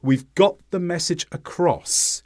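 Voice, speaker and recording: A man teaching English pronunciation in a scripted lesson, speaking slowly and deliberately with heavy stress on key words. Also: high voice, a little mellow, no room sound, clean studio sound.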